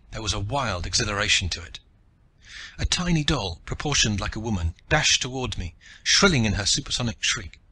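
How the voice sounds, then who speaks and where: Husky, forceful male audiobook narrator. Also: fairly low pitch. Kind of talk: first-person audiobook narration.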